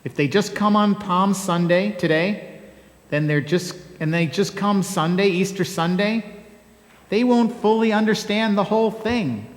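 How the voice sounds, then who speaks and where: A man speaking as a humble, plainspoken male donkey, folksy and wry, in a slow homey way. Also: high-pitched, voice pushed up. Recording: echoey church hall.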